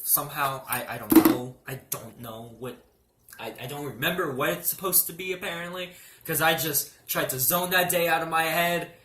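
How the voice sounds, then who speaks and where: Young guy telling an embarrassing story, swears a lot, stammers, bright sharp voice, echoey room. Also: a little high, moderate pace. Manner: animated, joking, swearing, stammering. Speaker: vlogger. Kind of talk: storytime vlog.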